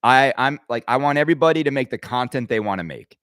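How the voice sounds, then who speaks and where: A man's voice: mid-range voice, animated, fast talker, a bit bright, smooth, no echo. Fired-up man ranting, dry close sound. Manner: emphatic and rambling, with frequent stammered restarts. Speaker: podcast host. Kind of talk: opinionated podcast rant.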